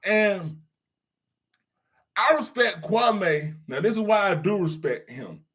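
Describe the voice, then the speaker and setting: High-voiced man chatting with his viewers. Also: animated, slow, fairly bright tone, slightly rough. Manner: laid-back slang, laughs often, addresses chatters. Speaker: streamer reading live chat. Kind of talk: casual live-stream commentary.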